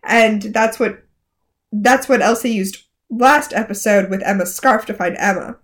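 A woman co-hosting a casual TV recap podcast, animated and exclamatory, swearing freely. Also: medium pitch, a little slow. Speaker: podcast co-host.

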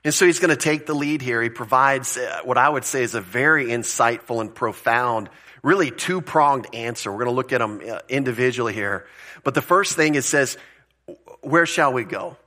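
A man's voice: medium pitch, normal speed, bright, forceful tone. A male pastor giving a conversational sermon, explaining word meanings and asking rhetorical questions, with the odd chuckle.

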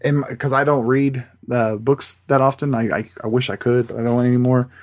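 A man co-hosting a casual podcast on a call, talking in halting repeats and swearing. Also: mid-range voice, steady tone. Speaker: podcast co-host. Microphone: computer mic on a video call.

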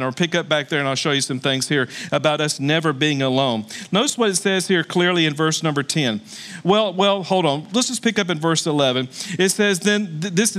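High-voiced preaching pastor. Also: male voice, fairly bright tone. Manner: reads scripture aloud, breaks off to exhort the congregation. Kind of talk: sermon.

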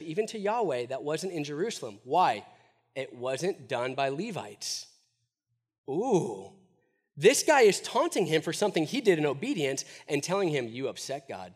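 A man preaching a sermon in an animated, emphatic way, often asking his listeners rhetorical questions. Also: on the high side.

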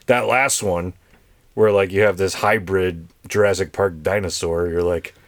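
A man's voice: low voice, fairly even intonation, unhurried, no echo. A man in casual chat, wry and joking, who often laughs between remarks.

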